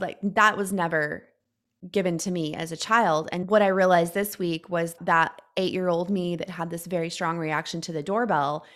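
A woman's voice: fairly low pitch, fairly bright tone. Chatty woman in her late thirties. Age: late 30s. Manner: chatty, reflective, frequent "like" fillers. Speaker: guest sharing a personal story. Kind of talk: casual personal storytelling.

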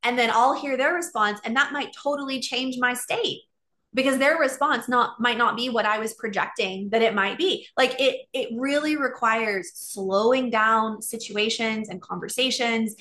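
A woman's voice: on the high side, moderate pace, sharp tone. A middle-aged woman talking earnestly and openly in a casual monologue, with many "like" fillers.

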